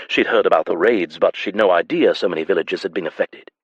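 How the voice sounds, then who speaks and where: A man reading a historical romance audiobook in a measured, even manner. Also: low-pitched, slightly rough, no room sound, muffled recording. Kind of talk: scripted audiobook narration.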